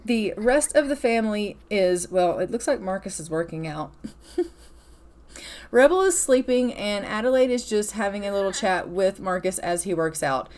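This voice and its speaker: A woman gaming channel host chats playfully through a casual let's-play of a life-simulation game, laughing now and then. Her mid-range voice has lively intonation, an unhurried pace, and a darkish tone.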